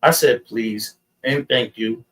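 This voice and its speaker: A man's voice: mid-range voice, takes it slowly, fairly bright tone, far from the mic, low-quality recording. A man from New York City animatedly telling the class a story, acting out both sides of an argument. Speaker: class member.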